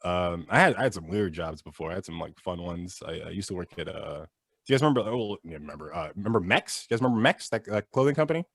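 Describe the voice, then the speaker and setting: A young man doing an animated stand-up set over a video call, laughing at his own jokes and acting out characters. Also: deep voice, fast, gravelly, no echo, studio quality. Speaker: stand-up comedian.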